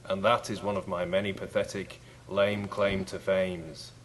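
A man's voice: sits low, flat delivery, unhurried, poor audio. A man hosting a comedy podcast, talking in a dry, laid-back joking way. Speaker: podcast host. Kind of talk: casual comedic banter.

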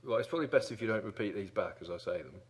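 A man's voice: lowish voice, animated, racing, breathy edge. A man co-hosting a comic casual chat, telling stories in a wry, dry way with hesitations.

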